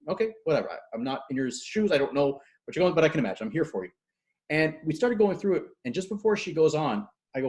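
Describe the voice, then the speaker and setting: A man speaking as a guest coach in a casual video-call interview, energetic and acting out quotes as he tells stories. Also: fairly high pitch. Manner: fast, energetic storyteller, acts out quotes. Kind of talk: animated casual interview talk.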